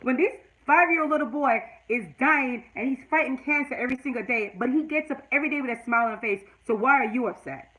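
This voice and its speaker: Woman in her forties, bright clear tone, slightly high voice, earnest emotional vlog chat. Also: quick pace, hardly any pauses, poor audio. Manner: tearful and earnest, then preachy and emphatic. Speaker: YouTube vlogger.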